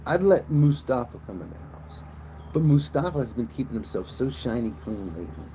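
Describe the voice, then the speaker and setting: A man's voice: medium pitch, sing-song, a little fast, mellow, a little hiss or hum, rough recording. A man hosting a casual livestream outdoors by a cow pasture, rambling crudely and swearing a lot. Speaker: livestream host.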